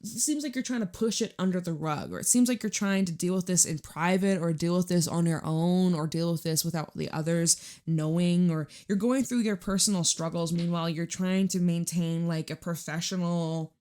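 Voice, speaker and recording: A woman's voice: fairly low pitch, normal speed, few pauses, a little mellow. A woman giving a casual tarot reading, chatty and blunt, circling her points with lots of "like" and "I'm seeing," and swearing now and then. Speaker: tarot reader.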